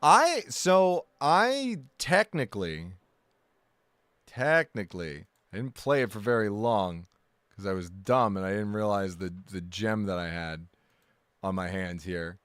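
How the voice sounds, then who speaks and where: A man's voice: low voice, normal speed, clear, resonant tone, no room sound. A man chatting casually on a live stream, rambling, correcting himself often and joking along with his chat. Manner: rambling, self-correcting, jokey.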